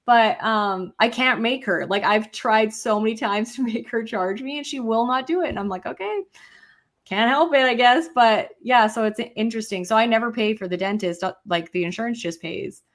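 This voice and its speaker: A woman's voice: fairly quick, few pauses. Chatty woman co-hosting a podcast. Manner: animated storyteller, quotes herself in higher voice. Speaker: podcast co-host. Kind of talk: casual chat.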